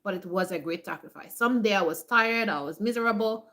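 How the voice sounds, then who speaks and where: Emphatic woman with a bright voice. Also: medium pitch. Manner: emphatic, repeats herself, many fillers like "like"; acts out other people's voices in quick asides. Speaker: homesteading vlogger. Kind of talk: casual motivational talk to viewers.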